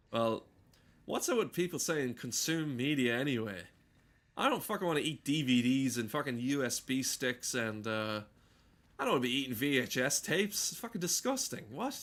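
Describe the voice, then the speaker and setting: A man talks through a horror game in loose, profane commentary. He wanders into joking tangents as he plays. His voice is bright and sharp. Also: mid-range voice. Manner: rambling, profane, tangent-prone jokes. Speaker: gaming streamer.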